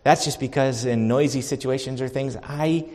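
A man preaching a sermon as pastor, animated and swinging between loud and soft. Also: mid-range voice, normal speed. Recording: long reverb of a large hall.

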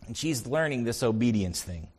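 A man's voice: mid-range voice, animated, normal speed, breathy edge. A man pastor delivering an earnest sermon, telling stories and building to emphatic points. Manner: earnest, storytelling preacher with rising emphasis.

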